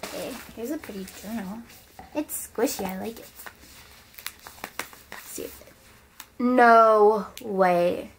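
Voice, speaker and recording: A young woman with a Midwest American accent, chatting excitedly as she opens fan mail for her vlog and talks to her dolls. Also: mid-range voice, takes it slowly, pauses often, a little hiss or hum. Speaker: vlogger opening fan mail. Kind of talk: casual vlog unboxing.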